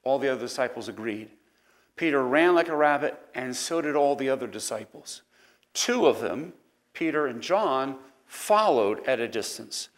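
An animated man with a medium pitch and an East Coast American accent talks through a Sunday school Bible lesson at normal speed. He keeps it conversational and digressive, with plenty of fillers and asides.

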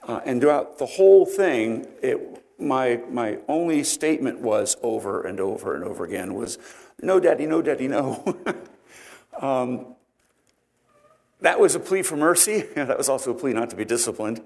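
An earnest male preacher walking his listeners through a passage of scripture. His voice sits in an ordinary middle pitch, and he thinks aloud with "uh" and "um" as he explains each point. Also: lively intonation, moderate pace, creaky, darkish tone. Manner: earnest, explanatory, frequent fillers. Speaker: pastor. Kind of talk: sermon.

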